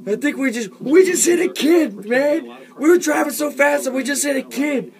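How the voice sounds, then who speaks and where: A man voicing a frantic stoned young man who yells and cracks with laughter. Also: very high voice, normal speed, gravelly, voice pushed up. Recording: crowd noise behind.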